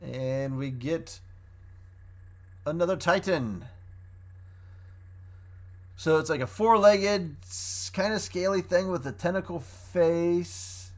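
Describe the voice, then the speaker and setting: A man's voice: a little high, slow pace, long pauses. A man reviewing a show in a casual, rambling way, often restarting his sentences as he recaps the plot.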